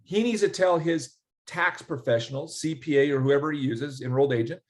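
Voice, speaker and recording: A man's voice: on the high side, brisk. A man explaining a business tax refund in a casual interview, telling stories and acting out conversations. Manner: animated storyteller, acts out quoted dialogue. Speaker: ERC specialist guest.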